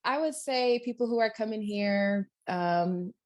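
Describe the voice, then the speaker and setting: A woman from East Texas, a business-owner guest, chatting in a friendly, halting way with frequent laughs. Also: medium pitch. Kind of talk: casual interview chat.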